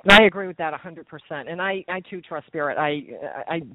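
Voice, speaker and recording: A male host with a slightly high voice asks long, leading questions and readily agrees with his guest. His voice sounds thin and tinny, as if over a phone, with a dry, close sound. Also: a little fast, no room sound. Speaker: interview host.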